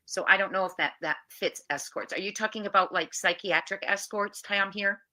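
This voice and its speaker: A woman co-hosting a casual livestream who talks in an animated way, fires off quick questions and reacts to the chat. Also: medium pitch.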